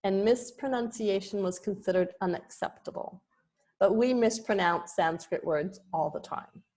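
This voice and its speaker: A woman's voice: mid-range voice, moderate pace, a little mellow. A woman giving a presentation on yoga history, speaking with frequent ums and restarts. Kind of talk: slow spoken lecture with pauses.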